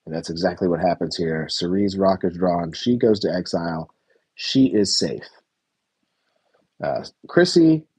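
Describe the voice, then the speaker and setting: A man's voice: deep voice, husky, no echo. A man casually reviewing a reality TV episode, rambling, correcting himself, swearing now and then and chuckling. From United States. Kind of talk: casual reaction review chat.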